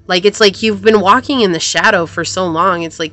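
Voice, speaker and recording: A woman's voice: mid-range voice, a little fast, pushed and bright. Rambling woman tarot reader, sore throat. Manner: rambling, searching, repeats phrases. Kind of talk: casual tarot reading to camera.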